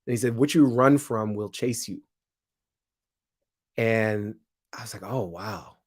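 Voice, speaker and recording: A man speaking as an interview guest, reflective and thoughtful, with quick asides and frequent laughs. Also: mid-range voice, steady tone. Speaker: guest, comedian and show host.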